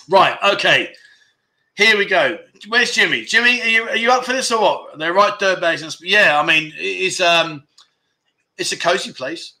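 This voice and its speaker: A man's voice: high-pitched, pushed and bright. Chatty man hosting a quiz. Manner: chatty, teasing, reads viewer comments aloud. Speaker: livestream host. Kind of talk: casual livestream quiz chat.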